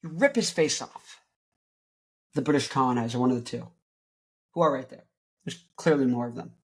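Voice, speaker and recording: A woman podcast host with a very deep voice and a moderate pace spins a rambling, absurd comic tale. She keeps correcting herself and wandering off onto tangents, riffing jokily on the absurdity.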